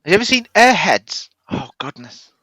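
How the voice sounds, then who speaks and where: A woman's voice: medium pitch, moderate pace, dry recording. A woman, a comedy guest, telling stories in a casual podcast chat with lots of laughter. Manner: animated storyteller, laughs often.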